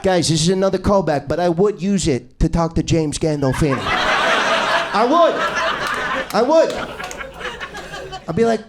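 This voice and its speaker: Brash high-voiced male stand-up comic. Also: very animated, moderate pace, pauses often, background noise. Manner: brash, crude, needling the crowd. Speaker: stand-up comedian. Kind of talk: improvised stand-up set. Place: small comedy club room.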